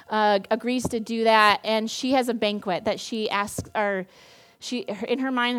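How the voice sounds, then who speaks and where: A young woman giving a casual sermon, retelling a Bible story in a chatty, playful way with lots of fillers. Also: a little high. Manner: chatty, playful, acts out quoted characters. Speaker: campus ministry staff speaker.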